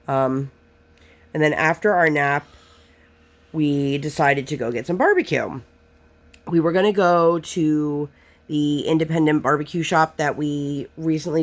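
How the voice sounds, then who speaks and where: A woman vlogging while she crafts, telling rambling stories about her week with lots of fillers, a bit sniffly. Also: low-pitched. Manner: rambling, chatty storytelling with many fillers. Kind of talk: casual chat while crafting.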